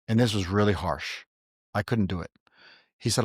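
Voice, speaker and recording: A man's voice: lowish voice, moderate pace, pauses often, breathy edge, dry recording, studio quality. A middle-aged man hosting a podcast, giving earnest parenting advice in casual chat and telling stories with quoted voices. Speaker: podcast host.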